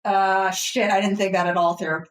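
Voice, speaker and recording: A woman playing a tabletop game, blunt and quick to swear. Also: medium pitch, steady tone, echoey room. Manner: blunt, swears, laughs easily. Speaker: player. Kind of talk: casual tabletop play.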